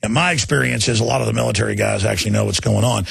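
A man in his thirties with a Texan accent, hosting a talk radio call-in show and talking in a combative, rapid way that repeats itself. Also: lowish voice, steady tone, creaky, a bit bright, breathy edge, dry recording. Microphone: studio microphone.

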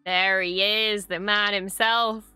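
A young Irish woman hosting a reaction video, chatting casually and gushing excitedly with frequent swearing. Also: medium pitch, slow pace, clear, resonant tone, no echo, faint music behind.

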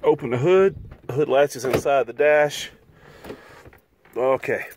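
Male vlogger, plain mid-pitched voice, folksy step-by-step explainer, faint background noise. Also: unhurried, darkish tone. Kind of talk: casual how-to vlog. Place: outdoors beside his RV.

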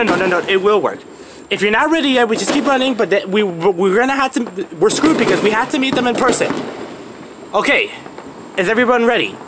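A young male voice narrating a playful adventure in an excited, stammering, panicky way. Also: extremely high pitch. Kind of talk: excited kid-style play narration. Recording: noisy with clicks and bangs behind.

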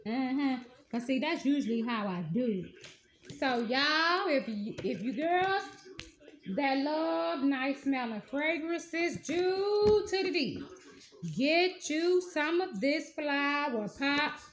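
A woman's voice: sits high, lively intonation, takes it slowly. A woman, gushing through a casual perfume haul review with folksy slang. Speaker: beauty vlogger.

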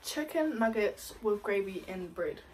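A woman's voice: mid-range voice, lively intonation, measured pace, darkish tone, distant mic. Playful New woman, noisy recording. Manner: playful, teasing banter. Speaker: vlogger. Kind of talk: casual chat. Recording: noisy background.

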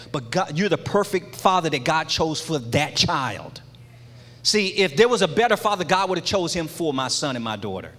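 In a large church sanctuary with long hall reverb, a middle-aged man who leads a church men's ministry preaches an impassioned testimony sermon in a repetitive cadence. His voice sits a little high, with a fairly bright tone.

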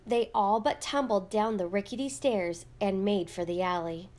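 A woman reading a children's picture book aloud with gentle, measured storytelling. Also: medium pitch. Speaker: read-aloud narrator.

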